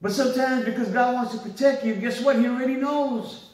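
A man's voice: extremely high pitch, fairly quick, darkish tone. A middle-aged man preaching a sermon as pastor, telling stories conversationally and laughing along. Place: church hall. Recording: echoey church hall, mic at a distance.

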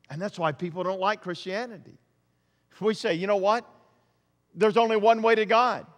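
A pastor delivers a sermon with a fairly high voice, hammering home points through repetition. His volume swells to near shouts and then drops low. The sound carries a long reverb from the church sanctuary. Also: fairly even intonation, moderate pace. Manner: emphatic preaching, repeats phrases, swells and drops in volume.

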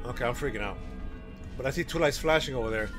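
A man hosting a horror game playthrough, reacting excitably and talking to himself as he plays. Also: mid-range voice, fast talker, over music. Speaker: gaming channel host.

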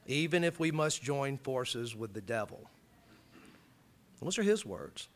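Male college lecturer from Alabama, impassioned public talk, bright, forceful voice. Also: expressive, a little slow. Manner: impassioned, rising loud and high when reading quotes.

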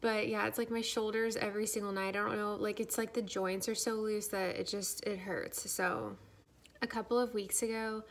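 A young woman talks casually to camera, rambling along with constant "like"s and fillers. Her voice has a gravelly fry and stays fairly flat in pitch, and she sounds slightly out of breath. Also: moderate pace. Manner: chatty, filler-heavy, says "like" a lot. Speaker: vlogger. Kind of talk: casual pregnancy update vlog.

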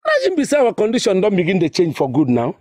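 An excitable Nigerian village father. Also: sits high, fast, full character voice. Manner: theatrical, swooping exclamations. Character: excitable scheming village father, middle-aged. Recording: film dialogue.

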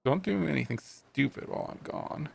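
A man reading a raccoon private detective in a noir video game, low and clipped, threatening when he questions people. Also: expressive, moderate pace, creaky, breathy edge, no room sound, full character voice. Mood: menacing. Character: gruff raccoon private detective, menacing male.

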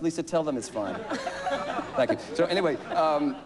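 A man's voice: a little high, expressive, normal speed, a crowd in the background, noisy background. A man chatting as a talk show guest, rambling and joking with frequent laughs. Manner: rambling, jokey, laughs often. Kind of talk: casual talk show banter.

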